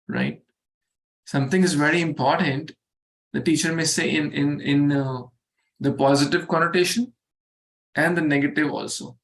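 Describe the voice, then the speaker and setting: With a fairly high, slightly bright voice, a man teaches a scripture verse to a study group. He goes slowly, repeats words, and poses questions to the group.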